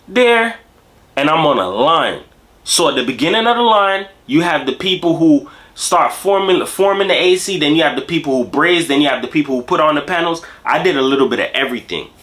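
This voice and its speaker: Animated, bright-voiced man telling stories. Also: mid-range voice. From Jamaica. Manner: slangy, animated, streetwise talk. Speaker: host. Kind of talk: casual storytelling monologue.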